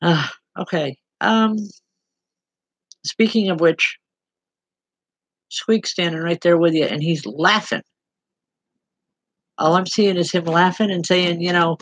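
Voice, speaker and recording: A woman's voice: on the low side, slow pace, long pauses, no echo, rough recording. A woman working as a medium, giving spirit readings online and speaking directly to people by name in an earnest, plain-spoken way.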